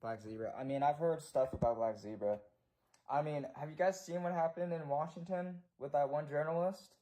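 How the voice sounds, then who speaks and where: Young American man, slightly high voice, profane repetitive livestream rant. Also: normal speed, warm tone.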